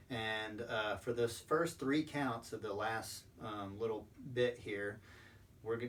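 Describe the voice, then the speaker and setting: A fairly low-pitched man teaching percussion in a recorded lesson, walking through each point patiently with plenty of ums. He sounds set back from the mic, with a faint hiss underneath. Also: fairly bright tone. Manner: patient, step-by-step explaining with frequent ums. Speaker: percussion instructor. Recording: distant mic with faint background noise.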